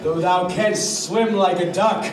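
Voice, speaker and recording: A man's voice: high voice, fairly even intonation, slow pace, over music. A man playing a swaggering, tipsy butler on stage, boisterous and blustering, recorded from a distance in an echoey hall. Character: drunken swaggering male butler, adult. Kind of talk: live stage acting.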